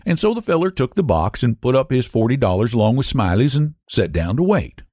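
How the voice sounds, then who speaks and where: A man's voice: mid-range voice, sing-song, fairly quick, mellow, no room sound, clean studio sound. A man reading a classic short story aloud as host, telling it in a folksy rural dialect. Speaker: story reader.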